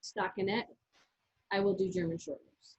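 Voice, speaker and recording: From her yarn shop, a woman co-hosts a relaxed knitting chat, explaining techniques step by step, chatty and prone to restarts. She speaks at normal speed in a steady, mid-range, darkish and slightly rough voice. The recording sounds muffled and lo-fi.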